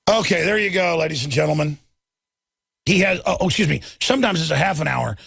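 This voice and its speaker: A male radio host ranting angrily and emphatically, sometimes shouting, with a gravelly voice. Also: fairly high pitch, animated, quick pace, no room sound, studio quality. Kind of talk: talk radio rant.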